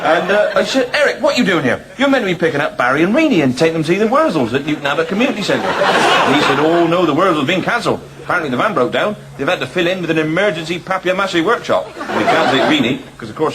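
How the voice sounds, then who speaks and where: A man's voice: fairly high pitch, heavy background noise. A man playing a rambling English eyewitness who dwells on trivial domestic details. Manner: fussy, digressive, trivial detail.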